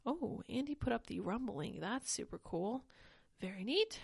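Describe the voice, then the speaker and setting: A woman's voice: a little high, moderate pace, creaky, husky, no room sound, clean studio sound. A young woman hosting a livestream podcast, talking casually and animatedly, a little short of breath. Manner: chatty, animated, reads chat comments aloud. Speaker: podcast host.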